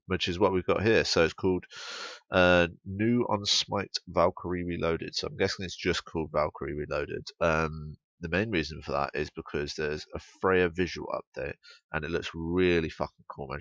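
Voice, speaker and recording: A man's voice: extremely low pitch, vocal fry, fairly bright tone, no echo, highs cut off. A young English man giving blunt, sweary, rambling commentary on a game patch. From England.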